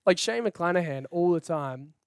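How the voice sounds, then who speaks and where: A young Australian man in his twenties, a guest talking casually in an interview, relaxed and laughing easily. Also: high voice, moderate pace, creaky, clear, resonant tone, no echo, clean studio sound. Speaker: guest, baseball player.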